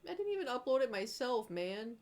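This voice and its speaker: A young female streamer with a fairly high voice speaks briskly while painting. Casual and rambling, she animates her stories by acting out her former reactions and quoting herself with exclamations.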